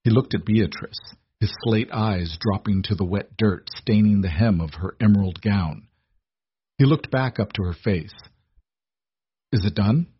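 A man reading a story aloud in a measured, dramatic narration. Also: on the low side, husky. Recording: dull lo-fi recording.

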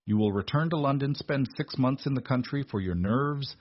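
A man's voice: mid-range voice, normal speed, husky, no room sound, dull audio, pitched above the performer's own voice, natural voice. A man reading the part of a cold, pompous male lawyer with a clipped, sneering delivery. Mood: condescending.

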